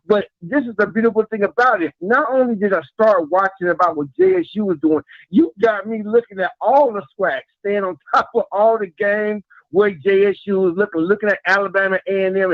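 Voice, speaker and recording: A man's voice: high-pitched, no echo. A man calling in to a live show, talking in an earnest, rambling way and repeating himself as he praises the host. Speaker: caller. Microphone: phone call. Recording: muffled phone-in line.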